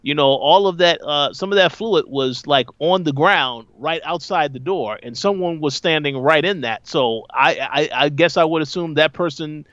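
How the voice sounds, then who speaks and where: A man co-hosting a podcast, adding points to an episode recap in a measured, hedging way. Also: fairly high pitch, fairly bright tone, dry recording, highs cut off. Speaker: podcast co-host. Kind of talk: casual recap chat.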